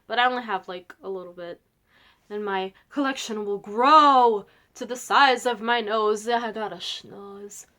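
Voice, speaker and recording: A woman's voice: on the high side, unhurried, sharp tone. A young woman vlogger telling a childhood story in a rambling, giggly, self-mocking way, full of "like" and "um". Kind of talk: casual storytelling vlog.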